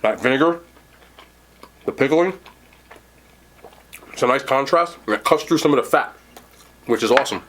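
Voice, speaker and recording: A man's voice: medium pitch, lively intonation, moderate pace, pauses often, a bit bright, a little hiss or hum. A man hosting a casual mukbang food review, chatting to viewers while he eats. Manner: chatty, talks while eating. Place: seated indoors at home.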